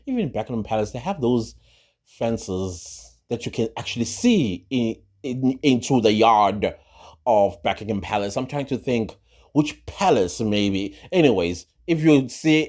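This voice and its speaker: A man rants through a gossip commentary, full of sarcasm and rhetorical questions. His mid-pitched voice swings widely up and down as he talks. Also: expressive, normal speed, a little mellow. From South Africa. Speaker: social commentary vlogger.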